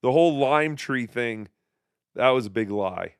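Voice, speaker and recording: A man's voice: mid-range voice, lively intonation, measured pace, clear, resonant tone, dry recording, clean studio sound. A male podcast host giving mocking, sarcastic commentary on clips.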